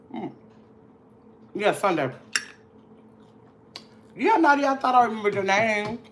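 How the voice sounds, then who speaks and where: A woman's voice: on the high side, a little hiss or hum. A woman from Milwaukee hosting a casual livestream, chatting and teasing viewers in the chat. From Milwaukee, Wisconsin. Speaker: livestream host.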